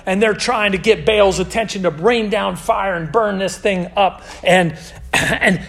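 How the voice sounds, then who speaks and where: Guy preaching, high pitched and kinda gravelly, jokey storytelling. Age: adult. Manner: animated, self-deprecating storytelling with playful sarcasm. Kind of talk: sermon.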